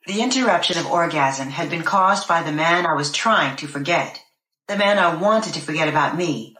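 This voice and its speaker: A woman narrating an audiobook in the first person, with a measured, expressive reading. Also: low-pitched, echoey room, poor audio.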